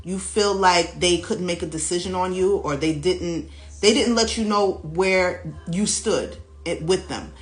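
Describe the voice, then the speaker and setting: A woman's voice: fairly low pitch, moderate pace. Woman doing a chatty tarot reading, talks right to viewers, roomy echo. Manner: animated and chatty, laughs often, talks to viewers directly. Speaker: tarot reader. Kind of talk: casual tarot reading to camera. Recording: echoey room with faint music behind.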